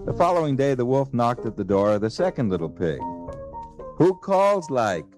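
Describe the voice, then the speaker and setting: A man's voice: mid-range voice, quick pace, music in the background. Man narrating a jazz-slang fairy tale. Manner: hipster jazz slang, deadpan. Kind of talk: comic storytelling record.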